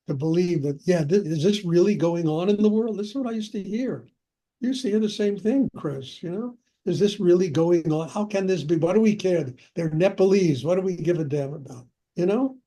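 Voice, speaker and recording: In a high, warm voice, an older man who teaches spirituality tells personal anecdotes during a Q&A. He's talkative, laughs frequently and leans on "you know."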